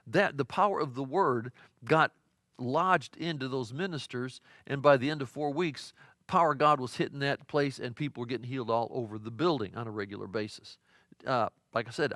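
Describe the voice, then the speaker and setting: A middle-aged pastor preaching a midweek sermon in a folksy, conversational storytelling way, with frequent fillers and restarts. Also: male voice, medium pitch, a bit bright, no echo, clean studio sound. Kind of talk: sermon teaching.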